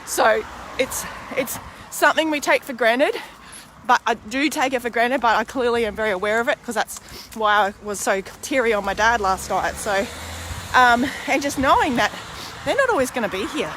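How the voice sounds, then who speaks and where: A woman's voice: a little high, animated, moderate pace, a bit bright, a little hiss or hum. A woman in her forties talking candidly to camera in a rambling, casual personal monologue, now and then swearing mildly. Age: 40s. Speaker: vlogger and podcaster.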